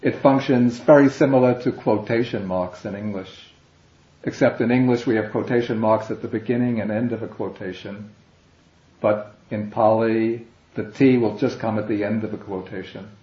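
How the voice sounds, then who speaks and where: A man teaching a language class, explaining slowly and patiently, step by step. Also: fairly low pitch, steady tone. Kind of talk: classroom lecture. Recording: dull, echoey classroom recording.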